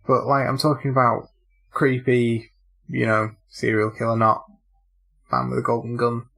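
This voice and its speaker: A man on a podcast, answering in an easygoing, dry way. His voice is gravelly with plenty of fry, at a middling pitch. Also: level tone, moderate pace, a bit bright, soft background music. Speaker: podcast co-host. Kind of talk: casual chat.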